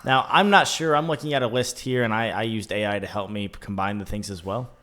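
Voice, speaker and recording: A man's voice: fairly low pitch, a little fast, a bit bright. A young man co-hosting a casual podcast, joking around and reading job facts aloud. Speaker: podcast co-host. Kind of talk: casual chat.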